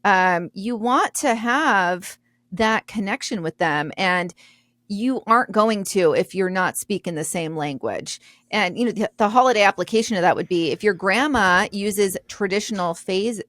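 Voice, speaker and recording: A woman co-hosting a podcast in casual chat, an animated storyteller who laughs easily. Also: medium pitch, dry recording. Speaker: podcast co-host.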